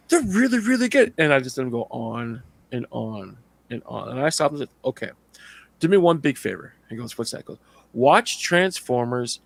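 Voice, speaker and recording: A man co-hosting a casual podcast chat, telling animated stories, laughing often and acting out other people's lines. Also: medium pitch, gravelly, no echo. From Canada. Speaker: podcast co-host.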